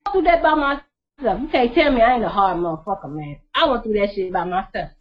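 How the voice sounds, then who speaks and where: A woman's voice: mid-range voice, lively intonation, quick pace. A woman telling her story casually to her viewers, blunt and profane, laughing often. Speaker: vlogger. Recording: dull lo-fi recording.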